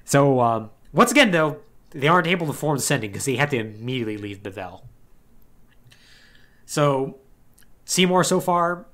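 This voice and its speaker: A young podcast co-host recaps a game story loosely and wryly, saying "like" constantly and mimicking the characters. His medium-pitched, slightly bright voice swings widely in pitch, moving at a moderate pace with long pauses.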